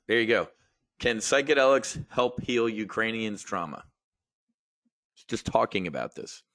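A fairly low, fairly bright male voice comes through at studio quality with no room sound. He's an options trading show host giving casual market and news commentary, blunt, rambling, and full of profanity.

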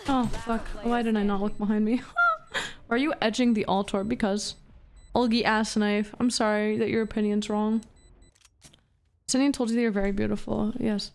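A woman's voice: mid-range voice, steady tone, normal speed, creaky, a little mellow. A woman streamer chatting casually with her live chat while gaming, profane, playful and flirty. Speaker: VTuber streamer.

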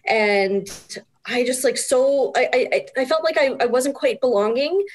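A middle-aged woman talks as a guest in a casual interview, full of animated storytelling and quick laughs. Her voice sits a little higher than most. She has a chatty, open way of speaking.

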